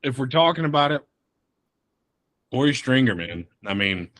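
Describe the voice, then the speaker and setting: A man's voice: mid-range voice, sing-song, normal speed, fairly bright tone. A man in his thirties hosting a podcast, rambling loosely in a casual chat over beers with some swearing. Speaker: podcast host.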